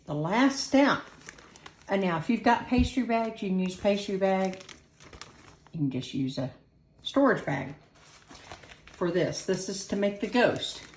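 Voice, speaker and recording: A woman hosting a casual home cooking video, chatting and poking fun at herself as she works in front of a camera on a tripod. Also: mid-range voice. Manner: chatty, self-deprecating, talks while working. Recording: echoey room.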